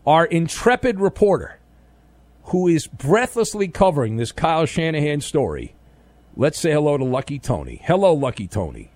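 A man hosting sports talk radio in a playful, teasing way, now and then breaking into mock outrage. His voice sits a little high for a man. It comes across close and dry, with no room sound. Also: sing-song, moderate pace, a little mellow, no room sound. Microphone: studio microphone.

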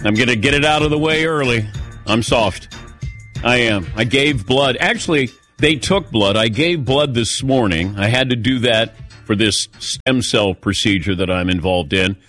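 A man's voice: mid-range voice, moderate pace, fairly bright tone, faint music behind. A man hosting a sports radio show, telling a self-mocking story in casual chat while a little lightheaded.

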